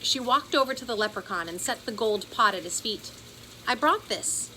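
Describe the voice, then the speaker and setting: A woman reading a children's chapter book aloud in an expressive storytelling voice. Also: medium pitch, fairly quick, slight background noise, low-quality recording. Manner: expressive, does character voices. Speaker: audiobook narrator.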